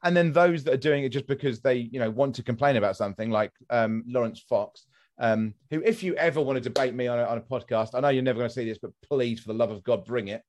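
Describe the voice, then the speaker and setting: A man hosts a podcast in casual chat, rambling through his points with plenty of ums. His pitch swings widely as he gets worked up. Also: fast. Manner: animated, rambling, frequent fillers. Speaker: podcast host.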